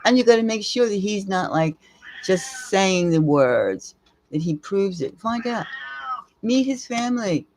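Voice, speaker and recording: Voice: mid-range voice, lively intonation, measured pace, a little mellow. A tarot reader giving a live reading, with blunt, emphatic advice, casual swearing, and sentences that ramble and restart.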